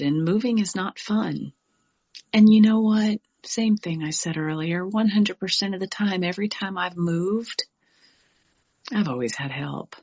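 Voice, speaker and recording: A middle-aged woman from New York giving a candid, animated personal share at a recovery meeting, with frank asides. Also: on the low side, breathy edge, muffled recording.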